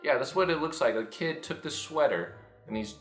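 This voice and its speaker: A young man telling a casual, profane dream story, jumping into loud high-pitched impressions. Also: expressive, a little fast. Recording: echoey room with faint music.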